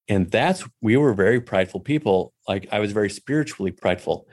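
A man's voice: on the low side, moderate pace, darkish tone. A man telling a personal faith story in a casual, candid way, poking fun at himself and dropping in lots of "you know" asides.

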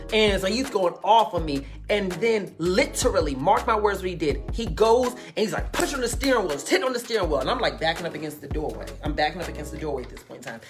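A woman telling a personal story in a casual, animated way, calling the listener baby and honey. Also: fairly low pitch.

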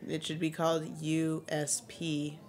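A woman's voice: sits low, monotone, a little slow, a little mellow. A woman co-hosting a casual chat show, chiming in with short, dry remarks. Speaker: podcast co-host.

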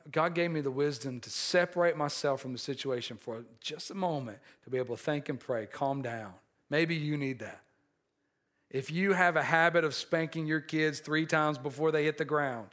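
Earnest, storytelling preacher man. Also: a little high. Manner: storytelling, shifts from animated to quiet and earnest; restarts and repeated words. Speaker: pastor. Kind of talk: sermon.

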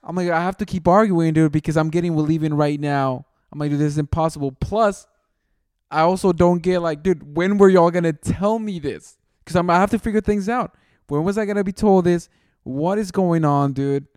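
A man's voice: a little high, a little fast, a little mellow, clean tone, no room sound, studio quality. A young man telling a long story in casual chat, rambling and saying "dude" constantly, often laughing at himself.

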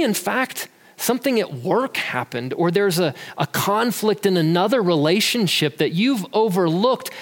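High-voiced man with hall reverb. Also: a bit bright. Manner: conversational, repeats words when quoting. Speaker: speaker on emotions. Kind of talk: earnest motivational talk.

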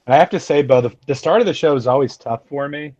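A man's voice: medium pitch, fast, darkish tone, muffled recording. A man co-hosting a radio talk show from a remote location, thoughtful and self-deprecating, with frequent fillers. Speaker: radio show co-host, academic dean. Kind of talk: casual radio talk chat. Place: remote, away from the studio.

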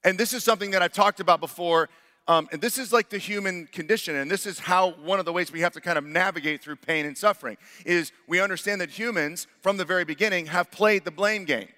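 A man's voice: high voice, quick pace, bright, forceful tone, long reverb tail. A man preaching a sermon as pastor, earnest, building to emphatic rhetorical questions.

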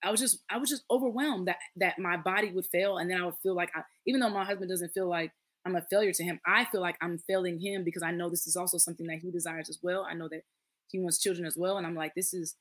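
A woman's voice: on the low side, steady tone, quick pace. A woman in her late thirties, a podcast guest, telling a personal story in casual conversation, earnest and acting out the voices of others. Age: late 30s.

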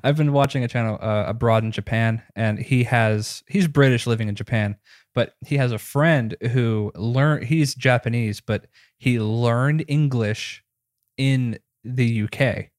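Laid-back young podcast co-host. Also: male voice, medium pitch, a little slow, dry recording, clean studio sound. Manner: laid-back, rambling, frequent restarts. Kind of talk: casual chat. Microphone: close podcast mic, dry.

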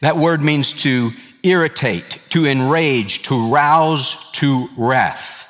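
A man's voice: mid-range voice, slow, fairly bright tone. A middle-aged male pastor preaching a sermon in an earnest, emphatic way, often working through numbered points. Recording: hall reverb.

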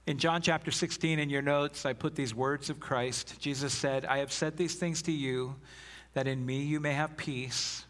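A man's voice: fairly high pitch, fairly bright tone. A man preaching a sermon as pastor, earnest and emphatic, reading scripture aloud.

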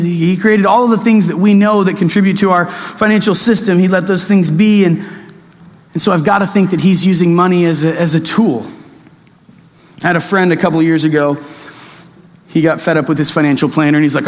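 High-voiced pastor preaching in a hall. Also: male voice, fairly quick. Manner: conversational, animated storytelling with mock-excited asides. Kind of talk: sermon.

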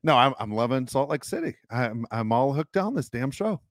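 A man's voice: mid-range voice, big pitch swings, normal speed, dry recording. A man co-hosting a podcast in casual chat, chatty and often stammering and repeating words. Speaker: podcast co-host.

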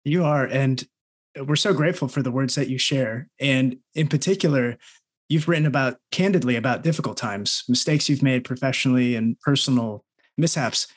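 A man's voice: medium pitch, normal speed. A man co-hosting a podcast, asking a guest questions and thanking listeners in a friendly way. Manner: friendly, encouraging. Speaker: podcast co-host.

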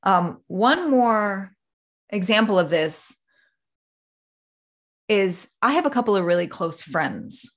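A woman's voice: mid-range voice, expressive, slow, long pauses. A woman hosting a solo podcast, talking casually and rambling, with many fillers and acted-out examples. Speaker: podcast host.

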